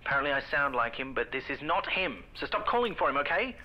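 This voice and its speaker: A man's voice: on the high side, big pitch swings, quick pace, heavy background noise. An actor playing a defensive, mildly exasperated man on an answering-machine greeting, heard as a muffled lo-fi recording from a distance.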